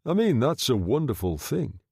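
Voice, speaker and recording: A man voicing a smooth-talking gangster undertaker who speaks low, soft and quietly threatening, in an audiobook reading. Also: big pitch swings, moderate pace, no echo, studio quality, heavily acted. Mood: menacing.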